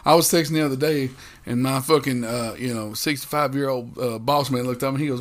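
A man's voice: medium pitch, fairly even intonation, a little fast. A man chatting casually on a podcast, rambling and swearing, often restarting his sentences. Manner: rambling, profane, restarts a lot. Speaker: podcast co-host.

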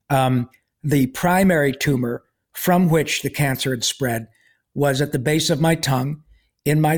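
Wry, rambling male podcast guest. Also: fairly high pitch. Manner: rambling, with many fillers and restarts, wry humor. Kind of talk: casual storytelling.

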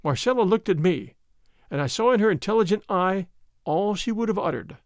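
A man narrating a classic tale as an audiobook reading, in an expressive, dramatic manner. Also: high voice, moderate pace, dry recording, clean studio sound.

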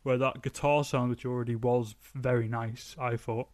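A man's voice: mid-range voice, level tone, moderate pace, no room sound. A young man co-hosting a podcast, chatting casually and with strong opinions about songs, laughing easily. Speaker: podcast co-host. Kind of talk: casual music review chat.

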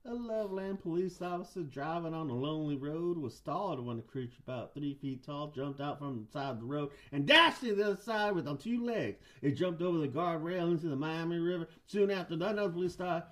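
A man voicing a Southern man who tells a creepy tale in a slow, stretched-out drawl, a little off the mic. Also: a little high, a bit bright, pitched above the performer's own voice, lightly acted. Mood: spooky storytelling. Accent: Southern US (put on).

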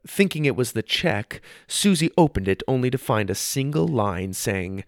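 A man narrating a children's storybook in a lively, expressive way. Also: mid-range voice, moderate pace, gravelly, no echo, clean studio sound.

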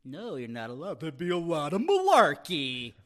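A man's voice: on the high side, moderate pace. A man co-hosting a podcast, playful and teasing in casual chat. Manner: playful, lively, sing-song. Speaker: podcast co-host.

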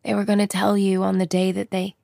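A brisk, practical woman, voiced by the narrator, speaks plainly and matter-of-factly in an audiobook. The studio sound is dry. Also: medium pitch, completely flat delivery, creaky, darkish tone, dry recording, lightly acted.

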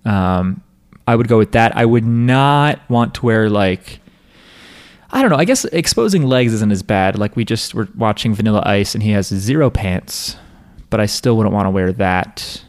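A man's voice: on the low side, animated, moderate pace. A man co-hosting a podcast, chatting casually and reading out a listener's email, rambling with restarts and laughs. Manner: rambling, self-interrupting, laughing. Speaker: podcast co-host.

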